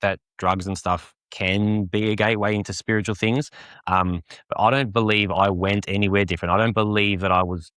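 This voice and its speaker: Man, young, deep low voice, rambling testimony full of fillers, dry sound. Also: steady tone, fairly quick, fairly bright tone, smooth, dry recording. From Australia. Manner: rambling, many fillers and restarts. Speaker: podcast guest. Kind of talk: personal testimony in casual conversation.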